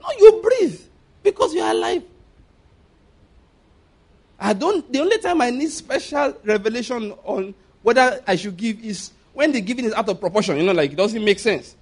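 A preacher with a Nigerian accent gives an animated sermon in a strikingly high-pitched voice. He throws rhetorical questions at the congregation and keeps chuckling while driving his points home.

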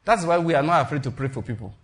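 A man's voice: a little high, expressive, racing. A man preaching a sermon in an emphatic, repetitive style, calling out to his congregation. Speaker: pastor.

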